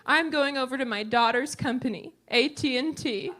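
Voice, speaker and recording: A woman's voice: high-pitched, normal speed, very noisy, voice pushed up, natural voice. A woman voicing her sweet, earnest 63-year-old mother, fussy and proper. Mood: flustered.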